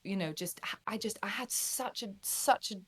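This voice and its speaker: A young woman, a voice actor, chatting in an interview, bubbly and quick to laugh. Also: medium pitch, a bit bright, breathy edge. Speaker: guest voice actor. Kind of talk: casual interview chat.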